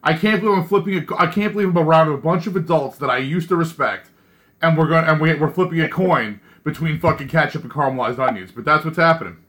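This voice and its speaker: A man's voice: a little high, fast, a bit bright. A man hosting a casual chat, joking and swearing freely as he moves the segment along. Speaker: podcast host.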